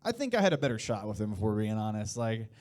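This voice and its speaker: A man's voice: on the low side, very animated, fast talker, darkish tone. A man in his late thirties from Indiana doing a loose, rambling stand-up set with crowd work and laughs between lines. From Indiana, USA. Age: 30s. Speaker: stand-up comedian. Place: live comedy show before an audience.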